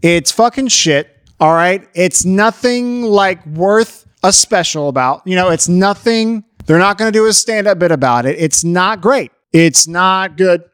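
A man's voice: high-pitched, a little slow, few pauses, a bit bright, clear, resonant tone, dry recording, clean studio sound. A man giving a profane, exasperated comedic rant, lecturing his audience on how to behave.

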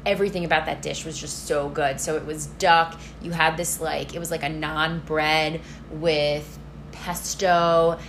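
A woman co-hosting a podcast, chatting casually in an excitable way and filling her talk with "like". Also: low-pitched, a little slow, slight background noise. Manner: chatty and excitable, heavy use of "like". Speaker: podcast co-host. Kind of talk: casual chat.

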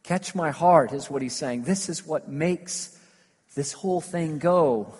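A man preaching a sermon, telling stories with lively emphasis that swings between loud declarations and hushed asides. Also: on the high side, takes it slowly, breathy edge. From United States. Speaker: pastor. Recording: long hall reverb.

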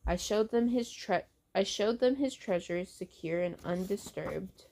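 Slow, gravelly woman reading horror aloud. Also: mid-range voice, mellow. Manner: halting, with restarts on words. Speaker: host reading books aloud.

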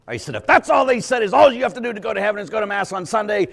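A middle-aged man preaching as a priest, telling stories and acting out other people's voices, sometimes shouting for emphasis. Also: high-pitched, rapid-fire, creaky, few pauses. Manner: animated storyteller who acts out voices and shouts for emphasis. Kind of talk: lively preaching with acted dialogue.

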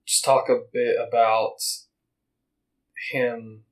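In a low-quality recording, a man with a medium pitch and an even tone hosts a relaxed podcast. He rambles, reads passages aloud, voices the quotes quickly, and stops now and then for conversation and jokes.

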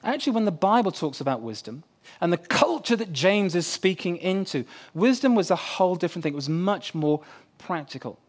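A man's voice: high voice, sing-song, brisk. A man preaching a sermon in a conversational way, putting questions to his listeners. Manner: conversational, asks the crowd questions.

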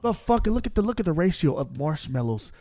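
A young man hosting a loose podcast hangout, his voice sitting a bit high and swinging widely in pitch. He talks loud and profane and keeps bursting into shouted impressions. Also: sing-song, brisk, crowd noise. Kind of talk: casual chat.

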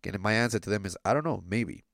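A man's voice: fairly low pitch, lively intonation, fast, gravelly, a bit bright, no echo, clean studio sound. A man co-hosting a podcast over a video call, talking casually and rambling through his points. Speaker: podcast co-host.

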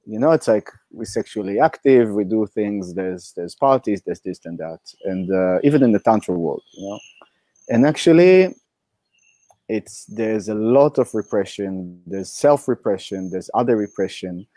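A man with a hoarse voice speaking in a casual interview, hesitant, with many fillers and restarts. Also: fairly low pitch, moderate pace, few pauses, mellow, dry recording.

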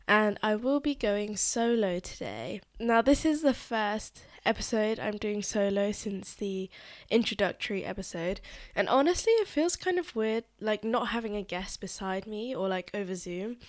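Female podcast host, congested and nasal, relaxed and talkative. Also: mid-range voice. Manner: chatty, uses filler "like" often. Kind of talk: casual solo podcast chat.

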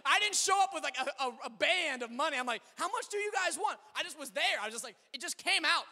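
A man preaching a sermon as pastor, telling stories with animated swings between loud exclamations and quiet asides. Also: extremely high pitch, fast talker. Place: church sanctuary. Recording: long hall reverb.

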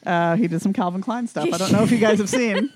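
A woman's voice: mid-range voice, fast talker, a little mellow, no room sound. A woman co-hosting a casual chat podcast, teasing and swearing freely and laughing often. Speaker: podcast co-host.

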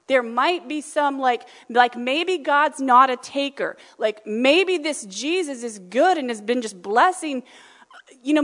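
A woman preaching a sermon in a conversational, animated way, acting out the voices she quotes. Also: high voice. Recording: reverberant hall.

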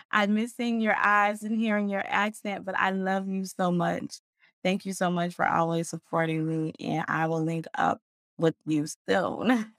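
Casting: woman podcast host, warm-hearted churchy chatter with frequent laughs, dry close sound. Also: mid-range voice, fairly even intonation, a little slow, dry recording. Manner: affectionate, churchy, laughs often. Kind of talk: casual livestream outro chat.

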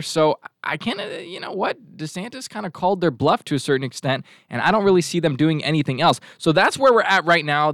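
A man's voice: high-pitched, a bit bright, no room sound, studio quality. A male talk show host giving a rambling, sarcastic commentary monologue and throwing asides to his crew. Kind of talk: casual political commentary monologue.

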